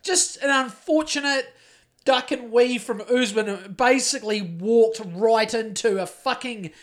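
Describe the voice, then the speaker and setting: A man's voice: very high-pitched, measured pace. A man with a New Zealand accent co-hosting a podcast in casual chat, rambling, crude and sardonic, often trailing off and restarting his sentences. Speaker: podcast co-host.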